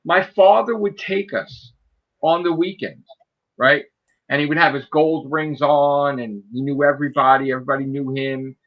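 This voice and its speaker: A man's voice: on the high side, moderate pace, dull audio. A man in his forties telling heated, profanity-laced stories in a casual chat. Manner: profane, heated, animated storyteller. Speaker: podcast co-host.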